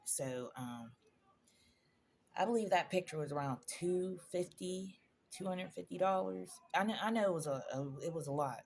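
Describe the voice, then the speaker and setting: A woman's voice: fairly low pitch, moderate pace, darkish tone, slight background noise. A woman in a personal vlog, telling a painful story in a conversational, emotional way, addressing viewers directly. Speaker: vlogger.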